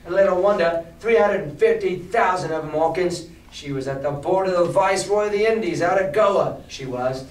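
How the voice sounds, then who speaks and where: A male teacher puts on a sly, hearty old pirate ship's cook who leans on every word in a slow, chummy drawl. The voice sits somewhat high. It is caught from a distance in an echoey classroom. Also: close to an everyday voice. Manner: slow, drawn-out, chummy sea-dog talk. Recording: roomy classroom from far off.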